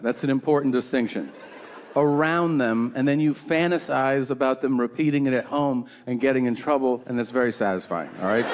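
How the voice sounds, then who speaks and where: A man doing a stand-up routine on stage, telling stories in an animated way and acting out voices with shouted punchlines. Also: mid-range voice. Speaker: stand-up comedian. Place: comedy stage before a live audience. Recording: live show with roomy reverb and crowd noise.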